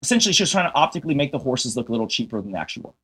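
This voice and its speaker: A man's voice: medium pitch, sing-song, very fast, a bit bright. A man streaming to his audience, caught up in a heated rant. He curses constantly, sounds exasperated and combative, and keeps turning to viewers with rhetorical questions to press his point. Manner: heavy swearing, exasperated and combative. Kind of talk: ranting livestream monologue.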